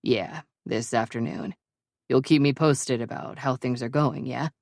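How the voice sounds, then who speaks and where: A woman voicing a rough, sheepish young male hockey player who is hungover, his voice low and rasping in an audiobook. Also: fairly even intonation, unhurried, a little mellow, no echo, studio quality, full character voice. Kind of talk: audiobook character reading.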